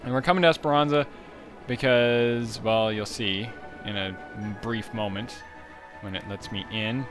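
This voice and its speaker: A man's voice: on the low side, steady tone, a little slow. A man hosting a let's play video, chatting casually and rambling over the gameplay. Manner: rambling and upbeat, with frequent fillers. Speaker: gaming channel host. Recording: game music behind the voice.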